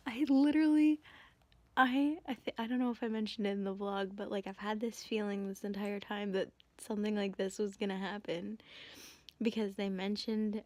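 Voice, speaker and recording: A woman's voice: medium pitch, no echo. A young woman vlogging about a book she is reading, gushing and emotional, often breathless. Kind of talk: casual vlog chat. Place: on a bus, at home, in a staff room.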